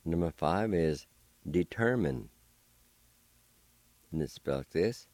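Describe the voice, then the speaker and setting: Man, language lesson, slow and patient, dry close sound, repeats every word. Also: deep voice, expressive, darkish tone, dry recording. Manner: careful, spells words letter by letter and repeats them. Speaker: radio language teacher.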